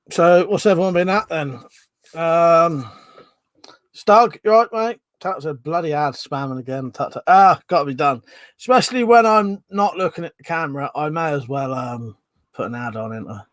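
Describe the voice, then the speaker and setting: A man hosting a casual live stream, chatting and greeting viewers by name, with loud greetings and quieter mumbled asides. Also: fairly high pitch, dry recording.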